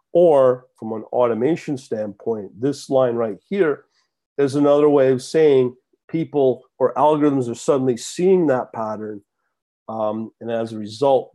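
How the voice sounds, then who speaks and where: A man talks through chart patterns on a live stream, stumbling over words and filling pauses as he goes. His voice is mellow and warm, at an ordinary middle pitch. He speaks into a desk computer mic. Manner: halting, many fillers and stumbled words. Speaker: trading webinar host. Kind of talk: live-stream screen-share lesson.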